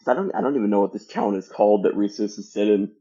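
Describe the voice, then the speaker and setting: A man's voice: lowish voice, fast talker, warm tone, breathy edge. A man chatting as a podcast guest, self-deprecating with dry asides, on a dull lo-fi mic. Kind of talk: casual podcast chat.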